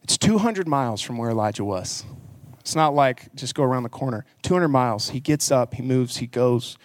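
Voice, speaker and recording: A man's voice: mid-range voice, expressive, normal speed, dry recording. A man preaching a sermon in church. He speaks earnestly and conversationally, and he rises into emphatic passages. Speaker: pastor.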